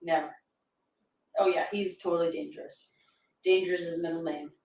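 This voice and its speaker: A woman's voice: fairly low pitch, fairly even intonation, fairly quick, darkish tone, recorded from a distance. A woman co-hosting a livestream, reading out viewer messages and teasing her partner playfully. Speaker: co-host reading super chats. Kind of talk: casual livestream chat. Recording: roomy echo, set back from the mic.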